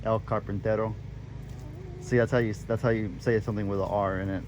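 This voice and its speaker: A man's voice: lowish voice, steady tone, very fast, darkish tone, a little hiss or hum. Laid-back farm vlogger man. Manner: laid-back, talks to viewers as y'all. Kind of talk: casual vlog chat. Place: outdoors on a farm.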